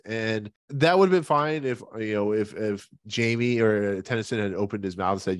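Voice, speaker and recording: A man's voice: on the low side, no echo, clean studio sound. A man hosting a casual podcast, retelling a TV episode's plot in a rambling, joking way. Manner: rambling, jokey, retells the plot with quick asides. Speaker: podcast host.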